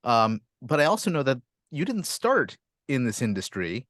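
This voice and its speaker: A man hosts a podcast and asks curious, conversational questions, often restarting his sentences. His voice sits at a middle pitch, recorded dry and close. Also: very animated, normal speed, fairly bright tone, dry recording. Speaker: podcast host. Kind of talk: interviewing a guest.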